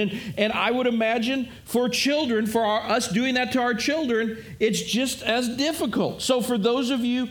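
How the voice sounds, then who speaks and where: A man's voice: very high voice, steady tone, moderate pace, few pauses, a bit bright. A man preaching a sermon in an earnest way, often repeating words and speaking directly to his listeners. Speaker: pastor.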